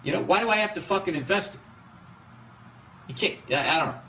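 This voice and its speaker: A man's voice: high-pitched, lively intonation, a little fast, bright, forceful tone, a little hiss or hum. A middle-aged man hosting a podcast, ranting in a rambling, comedic way, profane and exasperated, often breaking off and restarting his sentences. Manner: profane, exasperated, self-interrupting. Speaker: podcast host.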